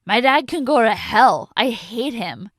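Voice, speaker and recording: A woman's voice: mid-range voice, lively intonation, a little fast, vocal fry, no room sound, studio quality. A woman voicing a moody teenage boy. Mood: angry.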